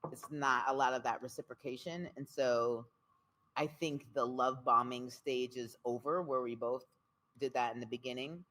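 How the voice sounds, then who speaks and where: A woman guest, a spoken word poet, talking candidly in an interview, expressive and emphatic, repeating phrases for rhythm. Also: a bass voice, normal speed, a little hiss or hum.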